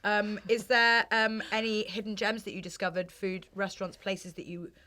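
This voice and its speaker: A bright-voiced woman hosting an interview, quick-witted and teasing as she asks her questions. She speaks in a lively, playful way. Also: medium pitch. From Britain. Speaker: interviewer, presenter.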